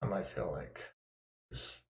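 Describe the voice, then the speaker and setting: A man chatting casually on his live stream, rambling with self-deprecating asides and chuckles. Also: unhurried. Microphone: desktop microphone. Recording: echoey, dull lo-fi sound.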